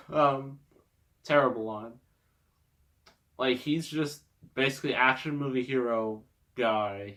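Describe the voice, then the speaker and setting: A man's voice: medium pitch, fairly bright tone. A man hosting a casual movie review rant, exasperated and rambling, often breaking into laughter. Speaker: movie reviewer, host of the show.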